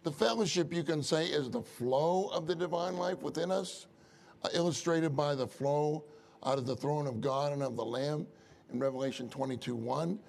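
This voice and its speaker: A man's voice: a little high, moderate pace, vocal fry, a little mellow. A man preaching a conversational church sermon, often asking the congregation questions.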